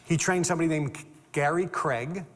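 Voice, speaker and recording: An older man giving an animated storytelling talk as a motivational speaker, repeating words and acting out the people in his stories. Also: a little high, normal speed. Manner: animated, repeats words, acts out quoted dialogue. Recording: long reverb of a hall.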